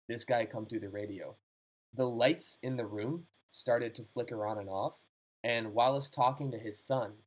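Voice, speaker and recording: A man's voice: mid-range voice, husky, rough recording. A man casually reading out a short ghost story to a friend, in a laid-back, slangy manner. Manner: laid-back, slangy, reads stories aloud. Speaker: podcast co-host reading stories.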